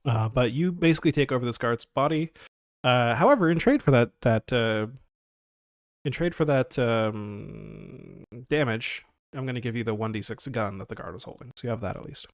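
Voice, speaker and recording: A man runs a tabletop game in an easygoing way, often laughing and restarting his sentences. His voice sits at a middle pitch, and the sound is close and dry with little room in it. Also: moderate pace, no echo. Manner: casual, laughing, lots of fillers and restarts. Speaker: game master.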